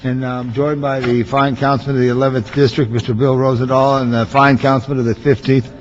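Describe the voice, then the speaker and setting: A man's voice: mid-range voice, little pitch movement, fairly quick. A man chairing a city council committee meeting, presiding in an easygoing, joking manner. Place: council chamber. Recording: dull reverberant chamber with faint hum.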